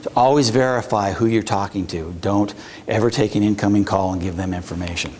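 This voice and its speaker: A police investigator giving an informal, halting presentation, full of fillers and restarts. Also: male voice, lowish voice, a little mellow, a little hiss or hum. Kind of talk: informal presentation at a public talk.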